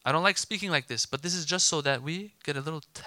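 A man preaching a sermon to a gathered crowd, animated and emphatic, acting out imagined dialogue to make his points. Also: on the high side, fast talker, no echo.

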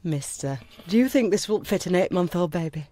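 A woman's voice: fairly low pitch, lively intonation, fairly quick, dark tone, dry recording. A woman voicing a confused young mother anxiously searching for her husband and baby, in a dubbed drama. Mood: pleading. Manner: pleading, repetitive.

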